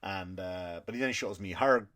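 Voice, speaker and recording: A man's voice: deep voice, moderate pace, fairly bright tone. A male comedian hosting his podcast, telling a rambling, profane story with indignant asides.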